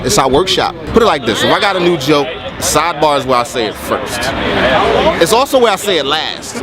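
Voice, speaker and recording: Man, relaxed candid interview, mid-pitched voice, loud crowd and traffic. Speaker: comedian. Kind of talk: documentary interview. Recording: outdoor street with heavy crowd noise.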